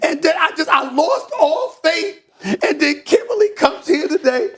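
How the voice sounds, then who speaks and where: Sports debate host, male, very high-pitched, theatrical and shouty, stammers repeats when fired up. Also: normal speed. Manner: theatrical, loud, mock-emotional rants; repeats words in bursts when excited.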